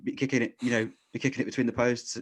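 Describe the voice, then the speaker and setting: A man's voice: medium pitch, little pitch movement, very fast. A man hosting a podcast in casual chat, rambling, often restarting his sentences and laughing. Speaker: podcast host.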